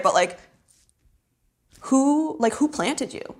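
A woman's voice: on the high side, animated, takes it slowly, pauses often. A young woman in casual conversation, laughing often, saying "like" constantly and swearing offhandedly. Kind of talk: casual chat.

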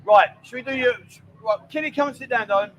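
Man, London accent, higher-pitched voice, casual talk-show host, jokey and chatty. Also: fast, fairly bright tone, slight background noise, poor audio. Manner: chatty, jokey, often says mate and darling. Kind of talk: casual chat.

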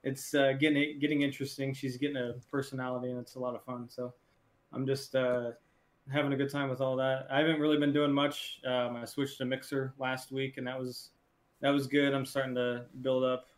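A man's voice: mid-range voice, little pitch movement, a little fast. Laid-back guy rambling on a podcast, lots of ums and uhs, mid voice. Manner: easygoing, rambling with fillers. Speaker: streamer and podcast co-host. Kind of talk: casual chat.

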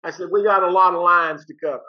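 A man's voice: high-pitched, steady tone, quick pace. An older man, a retired teacher, telling a story in a folksy, plain-spoken way and acting out both sides of each exchange. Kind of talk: casual storytelling. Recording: dull lo-fi recording.

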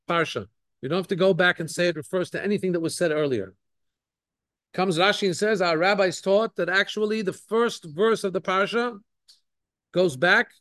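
Rabbi giving a lesson, man with a high voice, earnest and explanatory, close and dry sound. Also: a bit bright, dry recording. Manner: earnest, explanatory, often rephrasing points. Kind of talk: Torah lesson.

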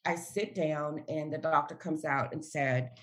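A woman telling an emotional personal story as a guest. She moves between loud, animated retelling and quieter, reflective stretches. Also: low-pitched, unhurried, a little hiss or hum.

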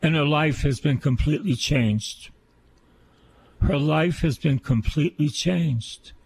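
A man's voice: fairly high pitch, takes it slowly, creaky, darkish tone, a little hiss or hum. A man, a priest, giving an earnest sermon on scripture and repeating key phrases for emphasis.

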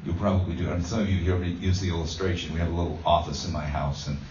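Low-voiced pastor rambling through a story, lots of ums, far from the mic, dull roomy sound. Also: male voice, level tone, racing, darkish tone, slight background noise. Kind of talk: conversational sermon.

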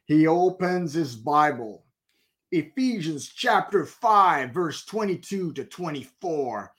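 A middle-aged man preaching a sermon, telling a story and acting out the people in it with lively voices. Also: on the high side, slow. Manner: animated storyteller acting out characters.

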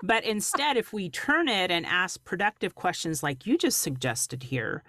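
A woman's voice: on the low side, big pitch swings, normal speed, bright, forceful tone, no room sound, studio quality. A woman hosting a faith-based talk show, speaking earnestly and often restarting her words.

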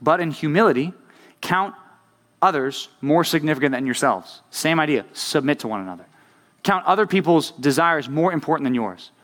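A man's voice: fairly high pitch, lively intonation, normal speed, fairly bright tone. A young man preaching to a youth group in a chatty way, checking in with his listeners by asking "right?" over and over. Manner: conversational, keeps asking "right?". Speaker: youth pastor. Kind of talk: sermon.

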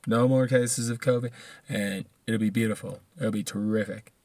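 A man doing a deliberately poor impression of a blustering male politician. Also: on the low side, steady tone, darkish tone, no room sound, lightly acted. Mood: boastful.

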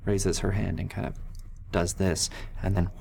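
A man narrating as game master of a tabletop role-playing game, in a slow, hushed storytelling manner. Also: low voice, flat delivery, gravelly, a little hiss or hum.

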